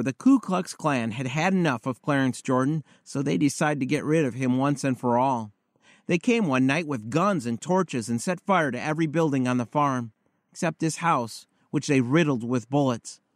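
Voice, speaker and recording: A man delivering a sermon in a measured, earnest storytelling manner. His voice sits a little higher than most men's. The sound is dry and close, with no room echo. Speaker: pastor.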